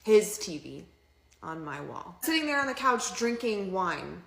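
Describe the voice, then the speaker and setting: A woman's voice: mid-range voice, big pitch swings, a little slow, gravelly, reverberant. A woman telling a dating story in a casual, chatty, exasperated way, swearing freely. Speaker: TikTok storyteller.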